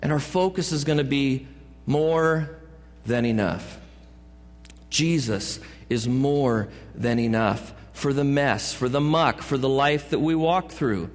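Pastor, male, joking sermon delivery, slightly high voice, long church reverb. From California. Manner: joking asides and playful put-on voices. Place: church sanctuary.

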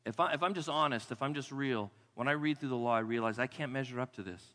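A middle-aged man preaching a sermon, animated, swinging between loud exclamations and quiet low asides. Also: fast, long reverb tail. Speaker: pastor.

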